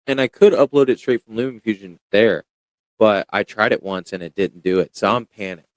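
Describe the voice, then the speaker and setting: Young man, low voice, loud and slangy, casual podcast chat, dry sound. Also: brisk, dry recording. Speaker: podcast guest.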